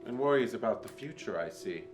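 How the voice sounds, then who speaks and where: A man's voice: on the low side, expressive, fairly quick, music in the background, lightly acted. A man voicing a flamboyant, theatrical male djinn spirit with a grandiose, teasing delivery. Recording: roomy echo.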